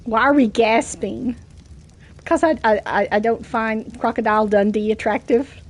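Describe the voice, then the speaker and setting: A woman with a Southern US accent, chatting casually while streaming a game, getting over a cough, self-deprecating and quick to laugh. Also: on the high side. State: coughing from a cold.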